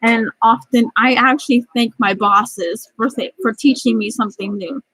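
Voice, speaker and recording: A woman's voice: a little high, fairly even intonation, moderate pace, a bit bright, slightly rough, dry recording, low-quality recording. A middle-aged woman telling a rambling, angry story about work in a vlog. She is close to tears and often restarts her sentences. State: near tears. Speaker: vlogger.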